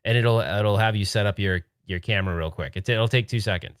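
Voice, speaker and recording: Low-voiced male streamer, hushed casual chat that keeps breaking into laughs, dry room. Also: a little fast, smooth, no room sound. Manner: laughing, joking, excitable but hushed. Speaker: livestream host. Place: home room at night.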